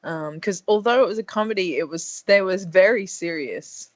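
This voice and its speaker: A woman's voice: fairly low pitch, moderate pace, no echo. A woman guesting on a podcast in casual chat, playful and laughing often.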